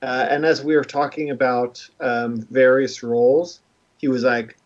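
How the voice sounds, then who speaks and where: A man's voice: mid-range voice, fairly even intonation, normal speed. Self-deprecating male streamer, rambling, muffled mic. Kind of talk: casual livestream chat. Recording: dull lo-fi stream audio.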